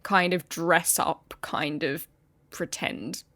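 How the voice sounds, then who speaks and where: A woman's voice: low-pitched, slow, a bit bright, dry recording. A young woman co-hosting a podcast in casual chat, laughing often and stumbling over repeated words as she starts a thought. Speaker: podcast co-host.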